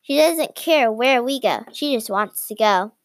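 A woman reading a children's chapter book aloud in a slow, careful storybook manner. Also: a little high, animated, dry recording. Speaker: reader.

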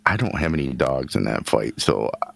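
Gravelly low male co-host, slow, profane, very animated pitch. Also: no echo. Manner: blunt, profane, deadpan swearing. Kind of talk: crude casual chat.

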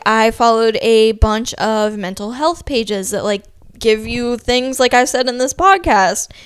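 A woman's voice: on the high side, clean tone, dry recording, clean studio sound. A young woman from Ohio hosting her own podcast, talking in a chatty, upbeat way with a lot of "like" fillers. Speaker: podcast host. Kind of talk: casual solo podcast monologue.

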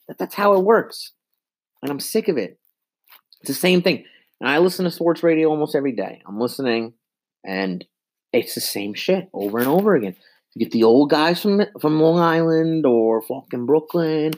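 A man's voice: on the high side, expressive, moderate pace, darkish tone. A man in his twenties giving an exasperated, profane sports rant into a handheld mic, repeating himself. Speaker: sports fan vlogger.

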